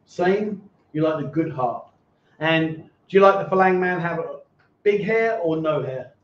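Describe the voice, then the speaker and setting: A man's voice: a little high, expressive, a little slow, slight background noise. A man hosting a casual livestream chat show, reading out viewer donations and teasing his guests. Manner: jokey, teasing, repeats himself. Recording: echoey, dull livestream audio.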